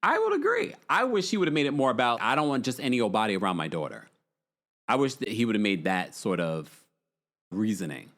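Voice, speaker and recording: A man's voice: mid-range voice, wildly swooping pitch, brisk, fairly bright tone. A man hosting a casual livestream recap, chatting and reading viewer messages aloud. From United States. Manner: chatty, reads viewer super chats aloud. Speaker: podcast host.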